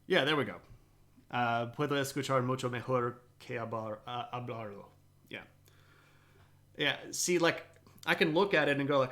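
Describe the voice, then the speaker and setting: A man from the southeastern United States with a light Southern accent, giving a live-streamed history talk and chatting with viewers, with many pauses and fillers. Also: medium pitch, a bit bright. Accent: light Southern American.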